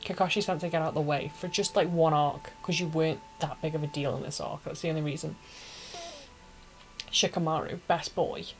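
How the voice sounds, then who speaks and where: A woman's voice: deep voice, steady tone, a little fast, faint music behind, poor audio. A woman casually retelling an anime story as a reviewer, emotional and gushing, with dramatic little asides.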